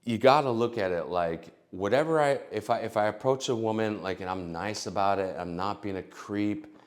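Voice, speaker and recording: A middle-aged man with a lowish voice talks casually about dating. He rambles, stacks up fillers and restarts, and acts out both sides of imagined conversations. He is recorded on a close mic. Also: normal speed. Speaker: dating advice vlogger. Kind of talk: casual advice monologue.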